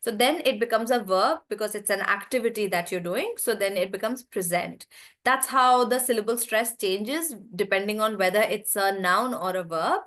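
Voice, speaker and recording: A woman teaching stress in words to students in an online class. She explains patiently and says key words slowly, with the stress marked. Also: medium pitch, a bit bright. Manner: talks straight to the students. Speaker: English teacher.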